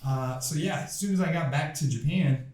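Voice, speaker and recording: A man in his twenties, a guest on a podcast, tells a story in a casual, profane, animated way and acts out the quoted lines. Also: on the high side, normal speed. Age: 20s. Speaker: podcast guest, pro MMA fighter. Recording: roomy room, faint noise.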